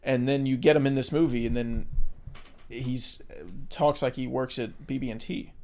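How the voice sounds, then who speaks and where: A man's voice: mid-range voice, fairly even intonation, normal speed, dark tone. A man with an American accent co-hosting a film podcast in casual chat, rambling with lots of fillers and casual swearing. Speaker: podcast co-host.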